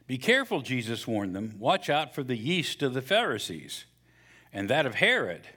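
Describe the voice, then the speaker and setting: A man preaching a sermon as a pastor, telling a joke and then reading scripture in a lively, storytelling way. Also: medium pitch, breathy edge.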